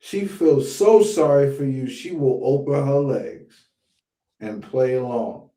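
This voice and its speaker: Man hosting a podcast, blunt profane commentary, unhurried, echoey room. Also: mid-range voice, sing-song, mellow. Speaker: podcast host. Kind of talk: casual commentary.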